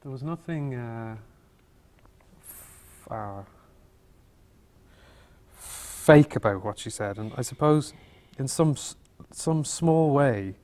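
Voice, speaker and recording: A man, an actor as interview guest, telling stories in a halting, thoughtful way and often circling back on his words. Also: medium pitch, expressive, a little mellow. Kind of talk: Q&A interview, reflective storytelling.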